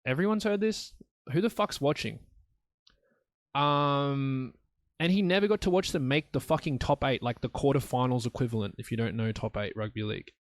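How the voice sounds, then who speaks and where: A man's voice: mid-range voice, normal speed, dry recording, clean studio sound. Blunt rambling young man. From Australia. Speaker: solo podcast host. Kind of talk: rambling casual monologue.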